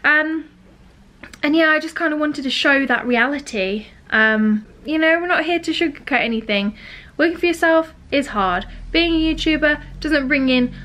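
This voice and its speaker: Speaking at a moderate pace, this twenty-something woman from the UK has a high, pushed, bright voice and a British accent. She's indoors at home, talking openly to camera in a relaxed, chatty vlog.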